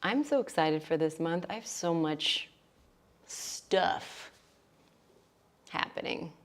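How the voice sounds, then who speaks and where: Young american woman chatting on a livestream, bubbly, slow and lowish voice. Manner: bubbly, chatty, swings from excited squeals to quiet asides. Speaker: yoga instructor hosting a livestream. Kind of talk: casual chat greeting viewers. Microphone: livestream mic.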